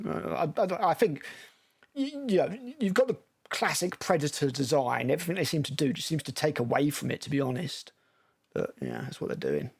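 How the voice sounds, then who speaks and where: Gravelly, blunt-talking male film critic. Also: fairly high pitch, wildly swooping pitch, moderate pace, darkish tone. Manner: blunt, sarcastic, profane. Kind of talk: trailer reaction commentary.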